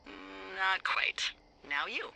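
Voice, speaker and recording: An actress playing a wry, teasing lookout supervisor who swears freely, heard over a walkie-talkie radio in a video game. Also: female voice, mid-range voice, slow pace, gravelly, sharp tone, slight background noise, exaggerated voice, low-quality recording. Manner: playful, sarcastic, swears freely.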